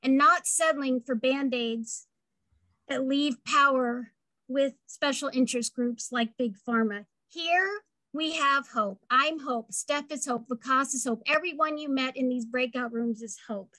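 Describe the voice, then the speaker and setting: A woman's voice: high voice, unhurried, bright, forceful tone, no room sound. Earnest woman giving a heartfelt speech. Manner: earnest, heartfelt, building to rallying calls. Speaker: speaker at a town hall. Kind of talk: personal story and advocacy speech.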